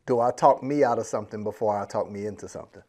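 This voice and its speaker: A man hosting a business podcast in a casual, slangy, animated way, laughing often and acting out little asides. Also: lowish voice, fast. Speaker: podcast host. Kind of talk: casual motivational podcast talk.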